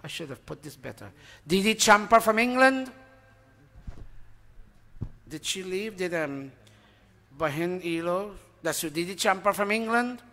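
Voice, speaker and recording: A man's voice: high voice, expressive, a little slow, pauses often, pushed and bright. A man reading out donor names to a temple gathering in a chatty way, stopping to ask the audience and admitting when he forgets names. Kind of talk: informal announcements to a congregation. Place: temple hall. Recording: reverberant hall.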